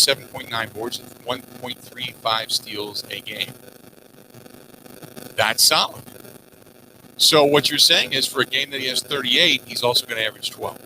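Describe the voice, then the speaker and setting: A man hosts a sports talk show with a very bright, cutting tone. He reads listener messages aloud with animated, rambling asides, and faint noise hums behind him. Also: mid-range voice, poor audio. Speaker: sports radio host. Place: outdoors at a golf course.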